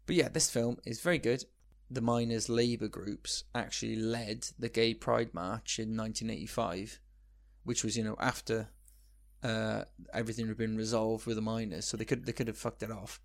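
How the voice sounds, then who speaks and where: A man co-hosting a podcast in casual, rambling chat, swearing freely and filling pauses with ums. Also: fairly low pitch, fairly even intonation, creaky. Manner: sweary, rambling, full of fillers. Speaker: podcast co-host.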